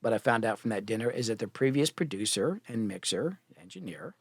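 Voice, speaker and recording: A middle-aged man, a music producer, telling stories as a podcast guest, animated and profane, acting out the people he quotes. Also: mid-range voice, brisk, gravelly, husky, no echo, studio quality. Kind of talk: casual storytelling.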